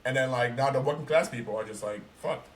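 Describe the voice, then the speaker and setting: A young man talking casually on a podcast, ranting in an animated, profane and emphatic way. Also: mid-range voice, fast talker. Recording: roomy, distant mic, faint noise.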